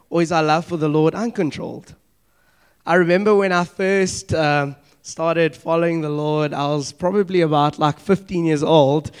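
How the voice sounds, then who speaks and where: A young man preaches with a fairly high voice, keeping it loose and conversational. He slips into quick acted-out exchanges and checks in with his listeners as he goes. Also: clear, resonant tone. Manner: conversational, animated preaching with asides and acted-out dialogue. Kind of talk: sermon.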